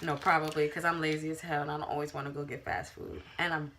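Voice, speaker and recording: A woman's voice: low-pitched, level tone, fast, fairly bright tone, slight background noise. A woman chatting casually on a mukbang in her bedroom, laid-back and slangy, laughing easily. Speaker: mukbang co-host. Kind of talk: casual chat while eating.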